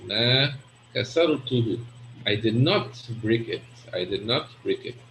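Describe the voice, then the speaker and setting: A man's voice: fairly low pitch, expressive, normal speed. Man teaching grammar, echoey room. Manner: explains step by step, often checks with "right?". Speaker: Arabic teacher. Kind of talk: classroom grammar lesson. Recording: echoey room with faint noise.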